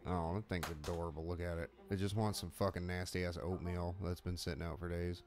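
A man's voice: low-pitched, level tone, a little fast, hardly any pauses, darkish tone, soft background music. A man co-hosting a horror movie commentary in casual chat, profane and mocking, often jumping into silly voices. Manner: profane, mocking, jumps into joking character voices.

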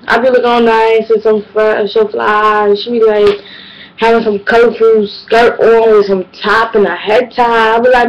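A woman's voice: fairly high pitch, normal speed, highs cut off, a little hiss or hum. A young woman, telling exasperated comedic stories in a casual, slangy vlog monologue. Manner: animated, exasperated, slangy storytelling. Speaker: vlogger.

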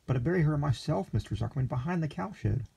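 Brief: man playing a wide-eyed rural youth, meek and raised in pitch, with a raspy edge. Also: lively intonation, fast talker, dark tone, heavily acted. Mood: naive. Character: naive, meek young country man.

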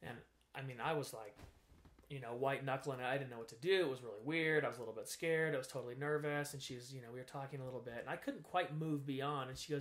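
A man's voice: medium pitch, fast. A man in an interview, candidly telling a personal story and acting out what people said. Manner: animated, acts out quoted voices, frank. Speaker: guest sharing his story.

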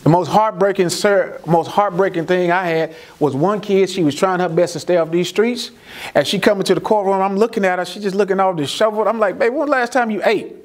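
A middle-aged man with addresses a community audience as a juvenile court judge. His voice sits a little high, and he acts out conversations in the courtroom, jumping up in pitch for his own exclamations and dropping low and soft for the children's replies. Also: a little fast. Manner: animated storyteller who acts out his own dialogue.

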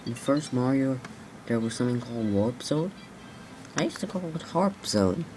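Very low-voiced woman doing slow lively game commentary, chatty and rambly. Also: over music. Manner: rambling, chatty, self-talking while playing. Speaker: gameplay commentator. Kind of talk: casual let's-play commentary.

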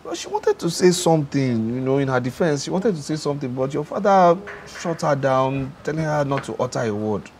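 A man's voice: mid-range voice, lively intonation, a little fast, hardly any pauses, a little mellow, a little hiss or hum, close to an everyday voice. An actor with a Nigerian accent playing a young man hesitantly recounting how he was chased away. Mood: rueful. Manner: rueful, hesitant storytelling. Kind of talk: Nollywood film acting.

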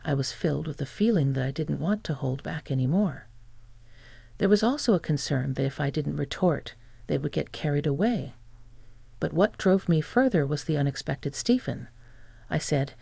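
Gravelly, husky storytelling narrator. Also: medium pitch, animated, normal speed, warm tone, no echo. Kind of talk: scripted narration.

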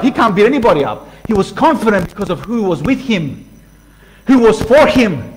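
A man preaching a sermon passionately, swinging from loud outbursts to hushed lines and acting out voices. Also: sits high, animated, fairly quick, low-quality recording. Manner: acts out voices for illustration. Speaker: pastor.

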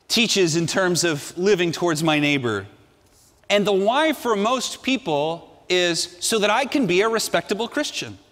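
A male pastor preaching a sermon with emphatic delivery, dropping to a hush and then rising to ringing emphasis. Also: sits high, in a large hall. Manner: emphatic, swinging between hushed and ringing delivery.

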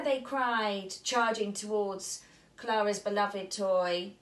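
A woman storyteller at a nursery reading a picture book aloud to young children, animated and asking them questions. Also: mid-range voice, slow pace.

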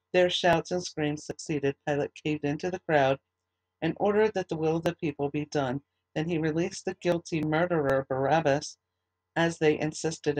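A man teaching a Bible study, reading scripture aloud in a steady, earnest way and adding short comments of his own. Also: fairly high pitch, no echo, low-quality recording.

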